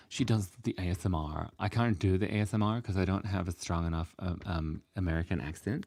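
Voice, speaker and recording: A man's voice: low voice, lively intonation, moderate pace, a little mellow, dry recording. A man chatting casually while he draws on a live stream, playful and rambling, laughing often at his own jokes. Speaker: streamer drawing for chat.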